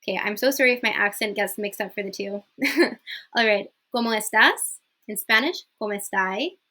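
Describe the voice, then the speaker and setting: Bright-voiced upbeat woman teaching languages. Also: medium pitch, brisk. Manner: upbeat, chatty, apologetic about mixing accents. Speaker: Spanish teacher. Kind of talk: online language lesson.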